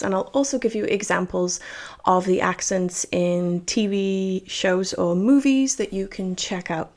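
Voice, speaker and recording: Welsh woman, English teacher, cheerful chatty delivery, gravelly voice. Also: mid-range voice. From Wales. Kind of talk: scripted lesson to camera.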